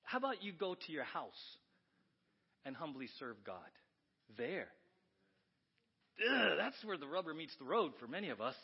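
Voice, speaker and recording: Guy preaching in church, kinda husky breathy voice, highish, keeps asking the crowd stuff, muffled lo-fi audio. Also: moderate pace, long pauses. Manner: lively, conversational preaching with frequent rhetorical questions. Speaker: pastor. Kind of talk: sermon.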